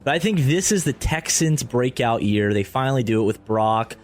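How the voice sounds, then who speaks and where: A man's voice: mid-range voice, animated, normal speed, faint music behind. Easygoing man giving sports picks. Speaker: sports radio co-host. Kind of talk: casual sports talk radio chat.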